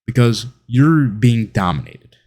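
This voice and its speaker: In his to-camera monologue, this online commentator is opinionated and scornful, sometimes putting on whiny voices to mimic people. He speaks a little slowly, with a medium, darkish voice and big swings in pitch.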